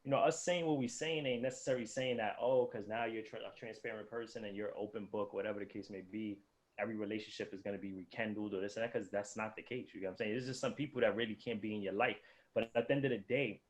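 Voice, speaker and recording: A man's voice: fairly low pitch, fairly even intonation, fast, low-quality recording. A man co-hosting a casual podcast, reflective and agreeable, speaking in casual slang. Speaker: podcast co-host.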